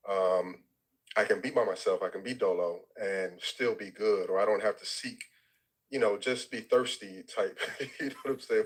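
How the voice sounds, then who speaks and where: A man's voice: on the low side, low-quality recording. A man co-hosting a casual talk, easygoing and slangy, often asking "you know what I'm saying?". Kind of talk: casual chat.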